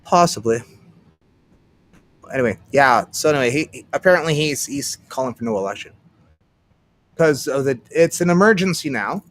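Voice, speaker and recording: Casting note: Canadian man as livestream host, middle pitch, sarcastic rambling, dry close sound. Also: lively intonation, moderate pace, pauses often, dry recording. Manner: rambling, sarcastic, mutters while searching. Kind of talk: casual solo livestream commentary.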